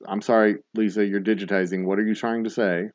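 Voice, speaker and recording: A man hosting a livestreamed bar trivia night, reading questions slowly and joking casually with some swearing. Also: on the low side, little pitch movement, darkish tone, dry recording, lo-fi sound. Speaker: trivia host.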